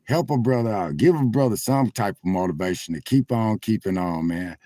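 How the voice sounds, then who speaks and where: In a fairly low, mellow voice at a moderate pace, a man chats with viewers on a phone livestream. The recording is dry, and he's parked at a truck stop, his casual talk rising in preacher-like swells.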